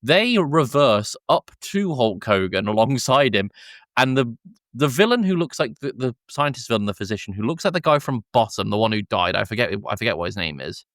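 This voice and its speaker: A man co-hosting a podcast, retelling a film scene by scene in casual chat, laughing often and slipping into quick voices for the characters. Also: medium pitch, very animated, fairly bright tone, no room sound, clean studio sound. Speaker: podcast co-host.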